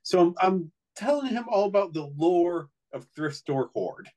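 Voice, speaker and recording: A man's voice: high voice, expressive, moderate pace, darkish tone, poor audio. Rambling middle-aged man telling stories. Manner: rambling storyteller with many restarts. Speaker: co-host. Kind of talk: casual chat.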